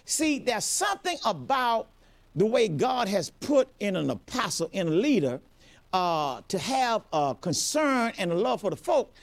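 A man's voice: high voice, very animated, measured pace, creaky. A middle-aged man preaching a sermon as a pastor, emphatic and repetitive, often restarting his sentences.

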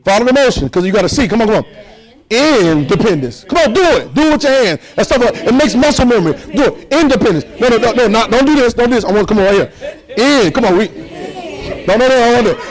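A man's voice: very high voice, expressive, fast talker, a faint crowd, poor audio. A man preaching a sermon, repeating phrases and leading his congregation in call and response.

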